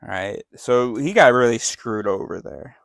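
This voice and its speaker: Man, mid-pitched, casual bible study host, jokey and self-correcting, dry close recording. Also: normal speed, gravelly, no room sound. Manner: irreverent, joking, self-correcting, laughs often. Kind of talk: casual scripture commentary.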